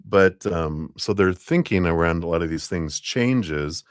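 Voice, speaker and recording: Man, middle-aged, low voice, dry close sound, chatty tarot stream reader, laughs a lot. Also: lively intonation, a little slow, dry recording. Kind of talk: live-stream tarot reading.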